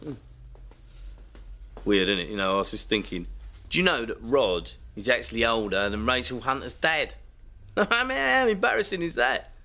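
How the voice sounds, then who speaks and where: A man's voice: on the low side, very animated, normal speed, pauses often, sharp tone. Blunt self-absorbed man. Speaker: cartoon voice actor. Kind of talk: sitcom acting.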